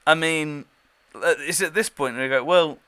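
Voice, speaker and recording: A man's voice: fairly high pitch, normal speed, bright, forceful tone, clear, resonant tone, no echo. A man co-hosting a podcast, chatting casually with lots of fillers, restarts and chuckles. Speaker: podcast co-host giving a battle report. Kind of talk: casual chat.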